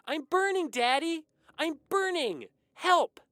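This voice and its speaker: Mean boy shrieking fake screams, super high and loud. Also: sing-song, slow, no room sound, studio quality, heavily acted. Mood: mocking shrieks. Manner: shrill taunting shrieks. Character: cruel mocking boy faking a burning child's screams.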